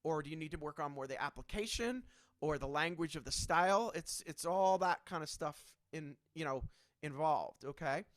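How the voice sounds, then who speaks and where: A man's voice: a little high, normal speed, no room sound. A man teaching a drum clinic in a casual, chatty way, checking in often with his students. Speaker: drum instructor.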